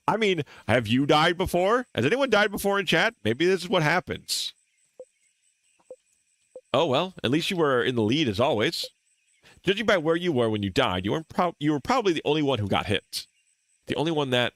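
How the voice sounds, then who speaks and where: A man's voice: mid-range voice, very animated, a little fast, fairly bright tone, no echo. A man streaming a game playthrough, reading its dialogue aloud expressively and chatting with viewers.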